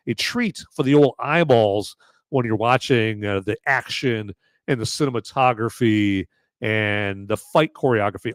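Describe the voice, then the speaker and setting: A man's voice: mid-range voice, no room sound, clean studio sound. A man hosting a podcast, giving a casual movie and beer review, rambling with lots of fillers and asking "okay?" often. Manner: rambling with many fillers and okays. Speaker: podcast host.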